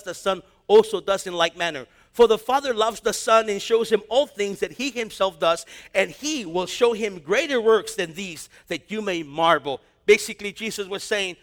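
Reading scripture aloud, a high-voiced male preacher keeps slipping into energetic slang asides and performing bits of dialogue during his sermon.

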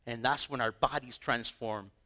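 A man's voice: medium pitch, steady tone, normal speed, sharp tone. A man preaching a sermon in a conversational style, asking the congregation rhetorical questions. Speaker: pastor.

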